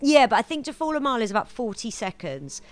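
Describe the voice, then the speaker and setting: A woman's voice: a little high, sing-song, fast. A woman co-hosting a casual podcast, chatty and joking. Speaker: podcast co-host. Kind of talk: casual chat.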